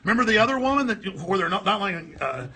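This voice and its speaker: A man giving mocking political commentary over video clips, often breaking into shrill parody voices. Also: big pitch swings, very fast, sharp tone. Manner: gravelly, mocking, switches into shrill mimicking voices. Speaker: talk show host.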